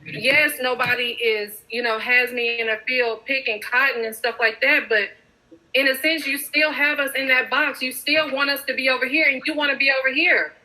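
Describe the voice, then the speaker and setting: A woman's voice: high voice, steady tone, normal speed, sharp tone, low-quality recording. A mother speaking with impassioned emphasis in a casual group discussion.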